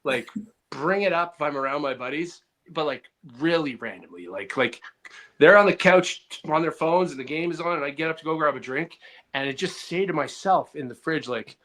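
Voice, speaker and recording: Bright-voiced rambling comedian. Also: male voice, a little high, moderate pace. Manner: rambling, animated, profane. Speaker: comedian and podcast co-host. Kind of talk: casual podcast banter.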